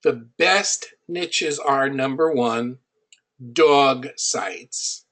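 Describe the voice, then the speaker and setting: A man's voice: mid-range voice, extremely slow, fairly bright tone. A middle-aged man coaching an audience on building an online business. He teaches through personal stories and speaks in a conversational, anecdotal way, hitting his key points with emphasis.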